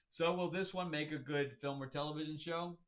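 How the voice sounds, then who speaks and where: A man's voice: a little high, fairly bright tone. A man hosting a casual comic review, rambling and amused, with chuckling asides. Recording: dull lo-fi recording.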